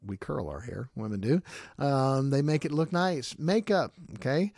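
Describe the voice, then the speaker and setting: A man hosting a podcast, giving an informal devotional talk in an animated, conversational way, often asking listeners questions. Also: medium pitch, measured pace, gravelly, husky, no echo, clean studio sound. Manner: animated, mimics groans, chuckles often. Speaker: podcast host.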